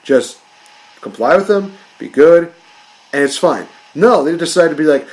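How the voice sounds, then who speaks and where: A man's voice: a little high, lively intonation, normal speed, poor audio. A man hosting a podcast, ranting in a casual, jokey way. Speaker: podcast host.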